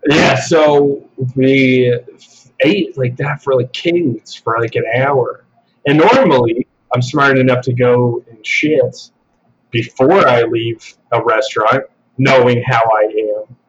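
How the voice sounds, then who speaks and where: A man telling an embarrassing story on a podcast in a relaxed, casual way, swearing freely. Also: medium pitch, takes it slowly, highs cut off, slight background noise. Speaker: podcast guest.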